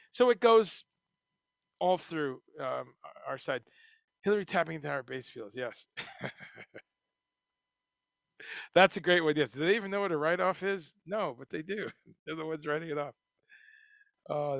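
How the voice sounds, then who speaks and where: A man hosting a casual livestream, reading chat comments and talking in a profane, animated way. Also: fairly high pitch, gravelly, no echo, clean studio sound. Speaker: livestream host.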